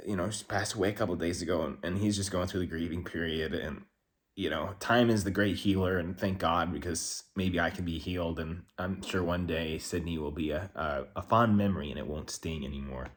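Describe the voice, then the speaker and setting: A man with a very low voice talks to the camera in a loose, rambling monologue. He is candid and swears freely as he thinks aloud. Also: fairly quick. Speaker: vlogger. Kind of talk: casual reflective monologue.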